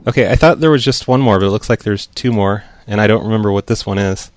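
Man, slightly low voice, offhand quiz host, casual chat, faint hiss behind. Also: fast talker.

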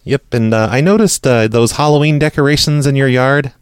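A man's voice: mid-range voice, fairly quick, smooth. A man hosting a prank-call show, talking casually with lots of fillers and making phone calls. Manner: rambling, chatty, many fillers.

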